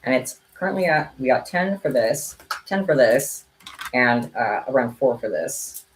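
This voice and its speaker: Chatty low-voiced woman streaming from home. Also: animated, a little slow, a little hiss or hum. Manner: chatty, meows at her cat. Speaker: streamer making kandi bracelets. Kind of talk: casual livestream chat. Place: home room. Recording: echoey room, faint ambience.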